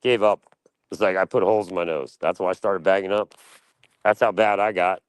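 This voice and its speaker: An American man appearing as a guest on a livestream panel rambles casually, swears a lot and calls everyone "dude" and "dog." His low voice is steady, clear and resonant, and he speaks a little fast.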